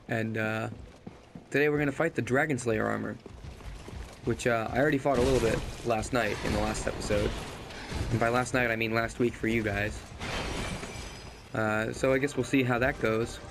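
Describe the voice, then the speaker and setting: A man's voice: mid-range voice, fairly even intonation, moderate pace, creaky, long pauses, noisy background. A man who has lost his voice and is short on sleep, giving rambling, self-deprecating commentary as he plays a game and swears at it now and then. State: hoarse, lost voice; tired from little sleep. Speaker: gaming channel host. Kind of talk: casual let's-play commentary. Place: home gaming setup, leaning back in chair.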